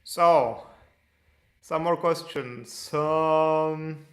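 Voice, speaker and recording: A man's voice: on the high side, drawn-out words, roomy sound. A man answering viewer questions in a casual, loose explanatory way, with restarts. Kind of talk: casual Q&A livestream.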